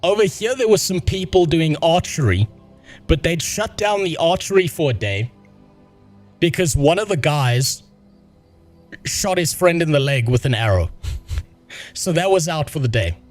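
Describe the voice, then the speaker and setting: A man's voice: a little high, lively intonation, a little slow, long pauses, faint music behind. A man in his thirties with a South African accent, telling an exasperated, profane story to his stream chat. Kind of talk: casual ranting to stream chat.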